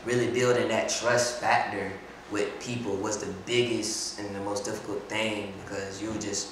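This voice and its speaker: A man who runs a sneaker cleaning business, talking casually as a podcast guest, animated and quick in bursts. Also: fairly low pitch. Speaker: sneaker shop owner, guest. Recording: echoey room, faint background noise.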